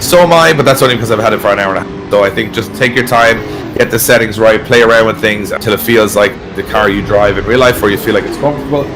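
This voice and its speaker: A man's voice: on the low side, fast talker, background noise. A man hosting an online event in casual, rambling chat, often trailing off mid-sentence. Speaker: event host.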